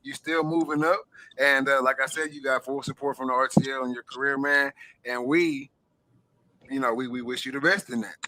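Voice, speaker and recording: A man hosting a podcast in casual chat, talking haltingly with repeated words and many "you know"s. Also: mid-range voice, fairly even intonation, sharp tone, no room sound. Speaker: podcast host.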